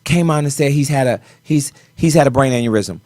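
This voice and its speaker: A man's voice: mid-range voice, brisk, dry recording. Man telling a dramatic story, dry sound. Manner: animated storyteller with sudden swings in loudness. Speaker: guest choreographer. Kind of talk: personal story in a talk show interview.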